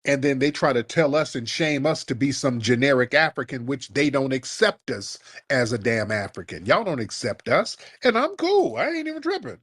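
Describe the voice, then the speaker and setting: A man's voice: mid-range voice, animated, moderate pace, few pauses, a bit bright, breathy edge, no echo, studio quality. A man hosting a call-in show, ranting in a mocking, heated way at a caller. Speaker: host.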